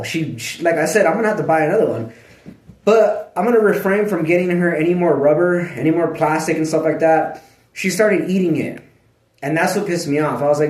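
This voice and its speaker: A man vlogging in casual chat, rambling and swearing, full of filler words and frequent throat clearing. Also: on the high side, a little mellow. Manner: clears his throat often. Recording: echoey room.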